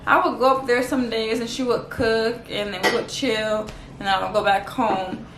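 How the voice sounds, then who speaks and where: A woman from Los Angeles tells a casual storytime vlog, chatty and slangy, and she says "like" a lot. Her voice is a little high with little pitch movement, and she talks at normal speed. The echoey room has a noisy background.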